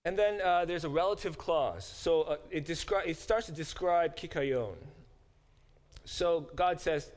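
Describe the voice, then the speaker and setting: A man, a biblical studies professor, giving a classroom lecture, pausing to unpack Hebrew words and acting out quoted speech with dramatic emphasis. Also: fairly high pitch.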